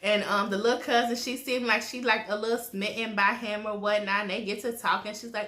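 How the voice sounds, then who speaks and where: Bright-voiced woman, gossipy and profane episode recap, roomy echo. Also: mid-range voice, brisk. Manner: blunt, profane, animated storytelling with quoted asides. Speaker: TV recap vlogger.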